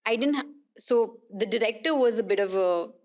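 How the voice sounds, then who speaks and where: A woman talks through her memories on a podcast. She tells them in a lively, anecdotal way, laughing often, and her voice sits somewhat high. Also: normal speed. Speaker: guest, actress and politician. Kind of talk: casual podcast conversation.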